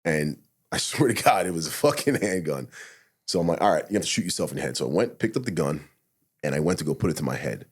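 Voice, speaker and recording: A man's voice: a bass voice, expressive, fast, breathy edge. A middle-aged man, a podcast guest, telling a personal story candidly, swearing often and acting out his own thoughts as quotes. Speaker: podcast guest, retired SWAT officer.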